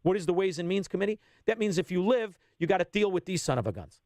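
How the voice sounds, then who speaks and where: A fifty-something man rants bluntly on talk radio, his voice sitting fairly high for a man. He lurches from punchy outbursts to low, muttered asides. The sound is close and dry. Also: animated, fast, no room sound. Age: 50s. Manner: blunt, ranting, swings between loud and low. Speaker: radio guest. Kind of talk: heated political radio talk.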